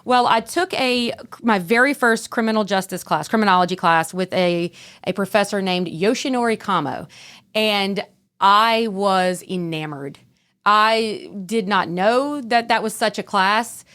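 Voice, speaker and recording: A woman in her thirties tells her stories in a chatty, self-mocking way, laughing often as she goes. Her voice sits at a middle pitch and she talks casually as a podcast guest. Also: measured pace, a bit bright. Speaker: podcast guest, former prison officer. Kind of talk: casual storytelling.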